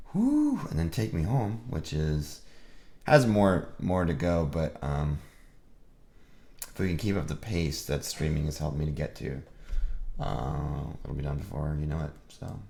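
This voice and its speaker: A man's voice: a bass voice, animated, slow pace, vocal fry, long pauses, mellow. A sick man casually thinking aloud on a live stream about his music, rambling and self-deprecating. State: sick, with a rough voice.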